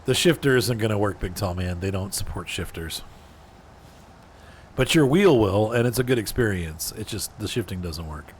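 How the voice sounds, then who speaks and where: A man's voice: on the low side, animated, normal speed, a little hiss or hum. A man streaming a driving game, chatting casually and answering viewers in chat by name as he plays. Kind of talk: casual gameplay commentary.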